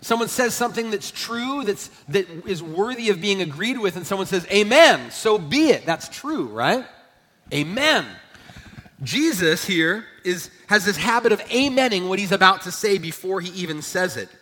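A man preaching a sermon as a pastor, emphatic, swelling loud and then dropping low. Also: animated, normal speed, few pauses. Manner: emphatic preaching, rising and falling in volume. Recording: long church hall reverb.

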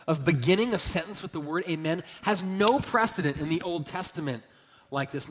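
A man preaching a sermon as a pastor, emphatic, swelling loud and then dropping low. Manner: emphatic preaching, rising and falling in volume. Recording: long church hall reverb.

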